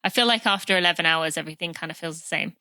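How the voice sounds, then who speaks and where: A woman's voice: lowish voice, racing, sharp tone, dry recording. A woman hosting a podcast interview, chatty and playful, laughing easily. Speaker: podcast host. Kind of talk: casual interview chat.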